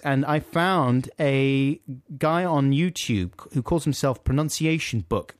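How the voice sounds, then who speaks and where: A man co-hosting a casual podcast, wry and self-mocking about his own slips. His voice sits mid-pitch and comes across close and dry. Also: slow, few pauses, smooth, dry recording. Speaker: podcast co-host. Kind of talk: casual chat.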